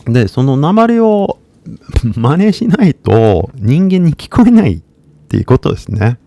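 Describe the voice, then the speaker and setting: A man with an American English accent and Kansai Japanese, teaching in a casual live-stream lesson, switching between English and Japanese and talking in a relaxed, mumbled way. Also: mid-range voice, fairly quick, dry recording.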